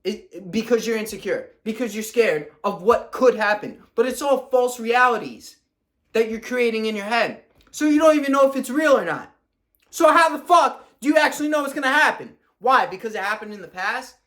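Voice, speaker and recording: A man's voice: extremely high pitch, animated, moderate pace, fairly bright tone. Blunt, profane young man ranting. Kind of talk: ranting to-camera monologue.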